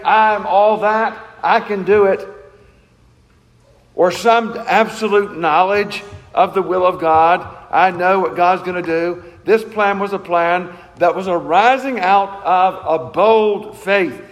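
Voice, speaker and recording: A man with a high-pitched voice delivers a sermon, earnest and emphatic, asking rhetorical questions. His voice rings with a long reverb, as in a large church hall. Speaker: pastor.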